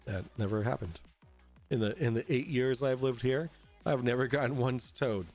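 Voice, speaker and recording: A young adult man hosting a casual livestream from home, tipsy, rambling and halting with lots of fillers and swearing. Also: medium pitch, darkish tone, soft background music. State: tipsy from drinking. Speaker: host. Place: at home in an apartment.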